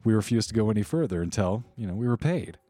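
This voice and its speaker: A man's voice: lowish voice, lively intonation, quick pace, dark tone. A man voicing an exhausted, frightened woman worker who has fled a desert camp and curses bitterly as she talks. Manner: curses angrily, breathless and defensive.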